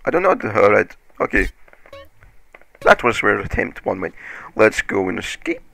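A man giving casual, excitable game commentary, swearing often and laughing at his own play. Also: lowish voice, moderate pace, vocal fry. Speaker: gaming commentator.

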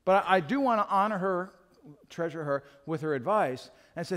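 A man's voice: on the high side, expressive, normal speed. A middle-aged man preaching a sermon as a pastor, candid and self-deprecating, acting out little talks with his wife. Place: church sanctuary. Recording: hall reverb from a church.

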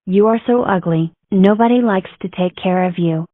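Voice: mid-range voice, normal speed, dry recording, phone-quality sound, lightly acted. A fan animator voicing a spiteful evil cartoon clone girl who taunts rudely. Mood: taunting. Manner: taunting, rude.

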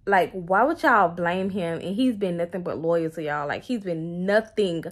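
A woman vlogging about a book she is reading, talking straight to her viewers in an animated, exclaiming way, recorded on her phone. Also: fairly low pitch, moderate pace. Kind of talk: casual reading vlog chat.

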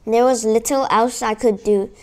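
A woman reading a children's adventure book aloud, telling it in an expressive, dramatic way. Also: fairly high pitch, normal speed. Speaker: audiobook reader.

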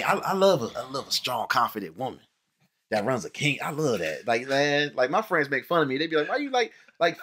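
A man hosting a casual movie review chat, animated, repeating words and acting out the people he quotes. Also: medium pitch. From Cincinnati, USA. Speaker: podcast host.

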